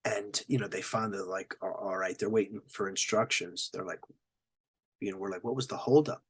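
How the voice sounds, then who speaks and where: A man's voice: deep voice, steady tone, a little fast, a bit bright, husky. A middle-aged man, a military veteran, telling stories as a podcast guest, acting out quotes and sound effects and swearing freely. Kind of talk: storytelling in a podcast interview.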